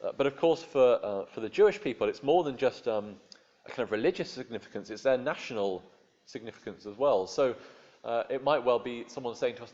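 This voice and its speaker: A man preaching a sermon in a relaxed, wry, conversational way, with frequent fillers and restarts. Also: mid-range voice, brisk, highs cut off.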